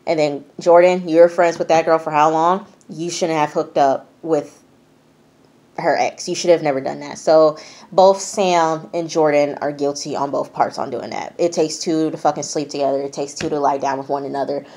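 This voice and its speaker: A woman's voice: low-pitched, fairly even intonation, moderate pace, a little mellow. A woman giving a casual, profanity-laced vlog recap of a TV episode, blunt and chatty. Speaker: TV reviewer.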